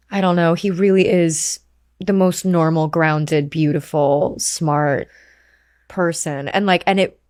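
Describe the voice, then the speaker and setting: Animated young woman telling a story. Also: lowish voice, no echo, clean studio sound. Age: 20s. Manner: animated storytelling, swears freely. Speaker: podcast guest. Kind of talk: casual chat.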